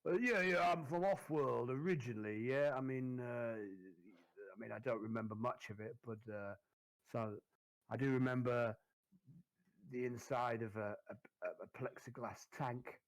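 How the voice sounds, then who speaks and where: A man's voice: mid-range voice, a little slow, no room sound. A man playing in a tabletop game, talking loosely and rambling with fillers. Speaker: player. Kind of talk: casual in-character chat.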